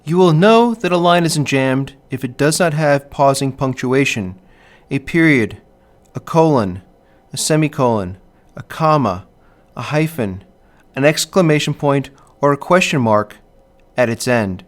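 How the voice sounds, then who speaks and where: A man's voice: medium pitch, animated. Man narrating a poetry lesson. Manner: measured, stressing rhythm when reading verse aloud. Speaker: teacher. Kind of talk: scripted lecture narration.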